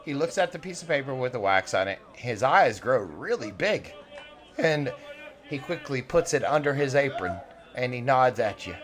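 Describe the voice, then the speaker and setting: Guy running a tabletop game, chatty and relaxed, voice moves around a lot. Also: mid-range voice, moderate pace. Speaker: game master.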